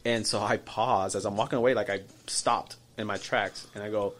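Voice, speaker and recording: A man in his thirties, a podcast guest telling a story over drinks in an animated way, acting out the people in it and often repeating and restarting his words. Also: lowish voice, normal speed.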